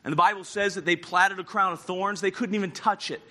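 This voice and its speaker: A man preaching a sermon, telling a story dramatically and acting out quoted lines, moving between loud passages and hushed ones. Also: high voice, fairly even intonation, brisk.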